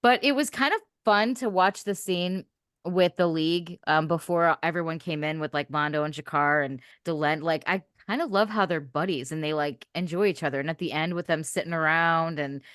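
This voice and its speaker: A woman co-hosting a podcast in casual chat, animated and blunt, laughing often as she talks. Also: deep voice, moderate pace, clean tone, no room sound, studio quality. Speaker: podcast co-host, newer viewer.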